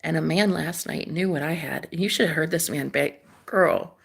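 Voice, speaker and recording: A woman chatting casually on a live stream, dramatic and gushing, swinging from loud exclamations to hushed asides. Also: low-pitched, normal speed, creaky, breathy edge.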